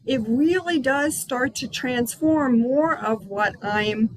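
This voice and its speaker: A woman hosting a spiritual healing circle over a video call from her outdoor patio, talking in a gentle, unhurried, chatty way. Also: high-pitched, poor audio.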